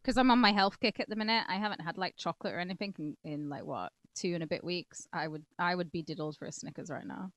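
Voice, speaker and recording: Speaking fast with hardly a pause, a woman from Cumbria, England co-hosts a true-crime podcast in a lowish voice. She's chatty and swears a lot, shifting between reading case notes, telling loose stories and joking. The sound is close and dry, with no echo.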